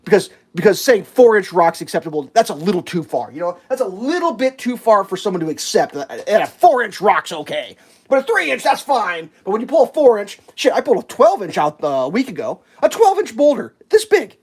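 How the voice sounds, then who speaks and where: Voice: medium pitch, big pitch swings, brisk, slightly rough. A person around forty ranting sarcastically and swearing in casual rambling chat while cooking on a livestream. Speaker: livestream host.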